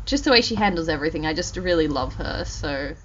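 A woman co-hosting a casual chat, talking in an animated way with many fillers and restarts. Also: low-pitched, fast. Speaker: podcast co-host. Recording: dull lo-fi audio.

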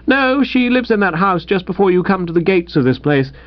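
A man voicing a haughty young upper-class Englishman who talks in high, clipped bursts. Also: big pitch swings, brisk, dry recording, highs cut off. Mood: curt. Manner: haughty, slightly apologetic.

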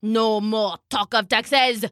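A woman's voice: sits high, lively intonation, a little slow, bright, forceful tone, no room sound, clean studio sound, exaggerated voice. A woman voicing a greedy, tyrannical king who shrieks and rants in a storybook tale. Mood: angry ranting. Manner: shrieking, ranting.

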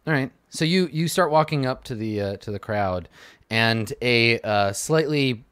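A man's voice: mid-range voice, lively intonation, measured pace, fairly bright tone, clear, resonant tone, no room sound. A man narrating as game master of a tabletop game, rambling and hedging as he describes scenes.

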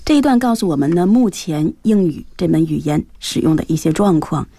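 Woman co-host, low-ish mellow voice, chatty questions, dry studio. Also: animated, fairly quick, no room sound. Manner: chatty, asking the guest questions. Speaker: co-host teacher. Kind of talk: bilingual radio English lesson.

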